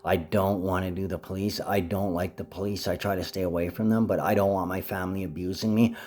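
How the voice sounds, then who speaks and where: A man rambling to the camera in a vlog monologue, jumping between topics and speaking to his mother with sudden rises in pitch. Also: fairly even intonation, a little fast, darkish tone.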